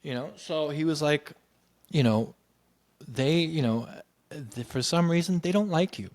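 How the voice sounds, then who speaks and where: A man in casual storytelling, animated and acting out what others said. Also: a little high, unhurried. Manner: animated, acts out quoted voices. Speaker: podcast guest telling his story.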